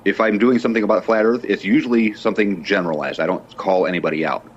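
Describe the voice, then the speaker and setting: A man on a group internet call, talking in a deliberate, analytical way. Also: lowish voice, fairly even intonation. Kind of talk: casual call chat. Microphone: computer mic on a video call. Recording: dull lo-fi call audio with faint noise.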